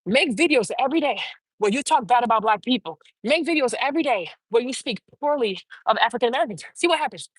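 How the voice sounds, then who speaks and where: A woman talks straight into a close microphone in a dead, dry space. Her voice sits slightly high, with a breathy, husky edge. She delivers her opinions bluntly and emphatically, stacking rhetorical questions like a host holding court on her own show. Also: animated, quick pace, no echo, low-quality recording. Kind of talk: opinionated commentary monologue.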